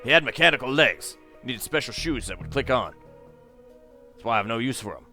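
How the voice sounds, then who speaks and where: A man's voice: mid-range voice, animated, fairly quick, pushed and bright, faint music behind. A man voicing an eccentric old British brigadier with a pompous, exclaiming manner while reading game dialogue aloud. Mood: blustering.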